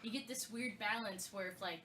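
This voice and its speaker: A woman's voice: mid-range voice, a little fast, recorded from a distance, crowd noise. A woman co-hosting a casual gaming podcast, telling a long story with many fillers and restarts. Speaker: podcast co-host.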